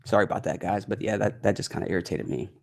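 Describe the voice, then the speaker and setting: A man hosting a casual crypto trading live stream, chatty and full of fillers, his voice going hoarse. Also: sits low, rapid-fire, a little mellow. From United States. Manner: chatty, many fillers, reads announcements aloud with annoyance. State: losing his voice. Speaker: crypto trading livestream host.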